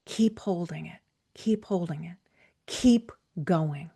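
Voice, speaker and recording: A woman voicing an anxious, protective little magic doll, speaking in an urgent, hushed way while telling a fairytale. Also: on the low side, slow pace, vocal fry, husky, exaggerated voice. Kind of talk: storytelling.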